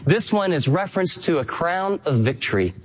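Male pastor, higher-pitched voice, earnest and emphatic sermon delivery. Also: big pitch swings, moderate pace, slightly rough. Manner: earnest, emphatic preaching with acted-out quotes.

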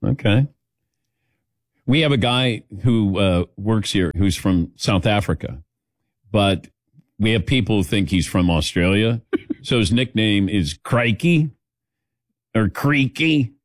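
A man's voice: fairly low pitch, expressive, slow pace, no room sound, studio quality. A middle-aged man hosting a sports talk show, joking with his crew, laughing often and calling on them by name. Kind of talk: casual studio banter.

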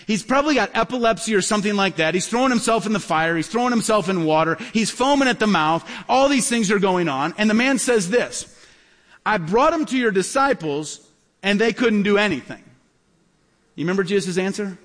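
Male pastor, higher voice, animated storyteller preaching a sermon; long hall reverb. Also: brisk. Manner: animated, acts out dialogue in stories.

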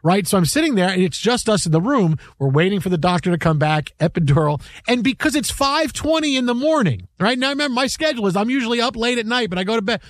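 A man's voice: high voice, fast talker, few pauses, dry recording, studio quality. A man in his forties hosting a sports radio show, telling a story in casual banter and acting out the quotes. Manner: animated storytelling, acts out quotes. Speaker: radio sports talk host.

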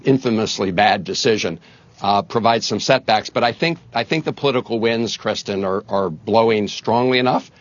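Emphatic low-voiced senator on TV. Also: male voice, normal speed, no room sound. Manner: emphatic, rising to forceful points with fillers. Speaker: senator guest. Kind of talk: live TV news interview. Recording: dull lo-fi broadcast audio.

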